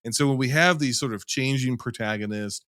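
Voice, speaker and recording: A man's voice: medium pitch, brisk, a bit bright, no echo, studio quality. A man in a casual film-review chat, rambling and emphatic, who swears freely.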